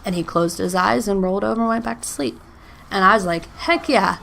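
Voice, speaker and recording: Hosting a faith podcast alone, a woman in her thirties talks casually and fairly quickly, sprinkling in "like," "um" and small laughs while sometimes nearly crying. Her mid-range voice is gravelly and a bit bright, with a little hiss or hum.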